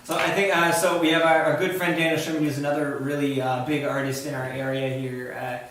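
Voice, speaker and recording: A man's voice: a little high, flat delivery, brisk, a bit bright, a little hiss or hum. Playful man co-hosting a livestream. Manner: playful, joking. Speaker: livestream co-host. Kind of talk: casual livestream chat. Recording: echoey room, distant mic.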